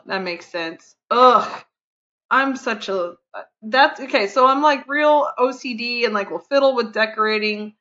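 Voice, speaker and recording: A woman's voice: on the high side, a bit bright, highs cut off. A woman streamer chatting casually to her viewers while she plays, rambling and counting under her breath. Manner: chatty, rambling, talks to chat while fiddling. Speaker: game streamer. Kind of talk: casual live-stream chat.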